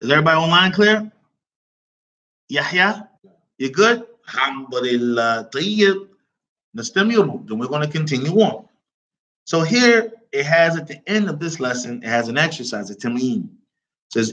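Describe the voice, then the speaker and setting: A man's voice: on the high side, expressive, moderate pace, pauses often, fairly bright tone. A man teaching an Arabic lesson who keeps checking on his class with repeated questions, reading phrases aloud and then explaining them in English.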